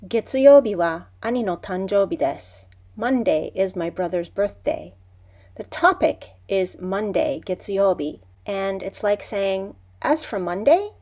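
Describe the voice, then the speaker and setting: A woman teaching Japanese grammar, explaining clearly and evenly with example sentences. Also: medium pitch, a little mellow. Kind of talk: scripted lesson narration.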